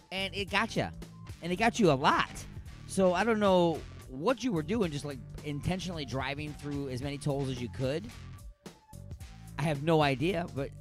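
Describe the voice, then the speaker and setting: Sarcastic man with a lively voice. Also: a little high. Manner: sarcastic, rambling. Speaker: radio host. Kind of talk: comedic news rundown.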